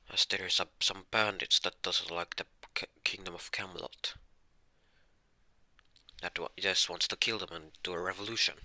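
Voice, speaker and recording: A man narrating an improvised fan-fiction story, halting with many restarts and self-corrections. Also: low voice, bright, forceful tone, no echo.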